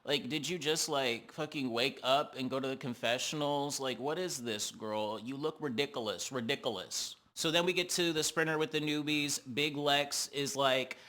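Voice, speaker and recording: A man hosting a reality TV recap, talking in a sassy, animated, slangy way. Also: mid-range voice, normal speed, hardly any pauses. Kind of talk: casual commentary.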